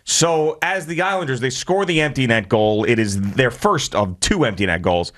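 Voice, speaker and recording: A man co-hosting sports radio, telling a story in an animated, amused way. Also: medium pitch, normal speed.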